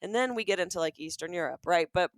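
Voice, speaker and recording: A woman comedian from Alabama co-hosting a comedic podcast, riffing jokes quickly and acting out dialogue. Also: lowish voice, clear, resonant tone, no echo. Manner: quick joking riffs, acts out dialogue. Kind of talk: casual comedic chat.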